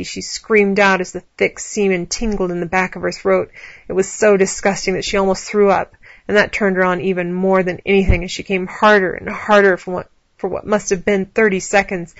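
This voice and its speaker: A woman narrating an erotic story in a low, steady storytelling voice. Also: no room sound, muffled recording.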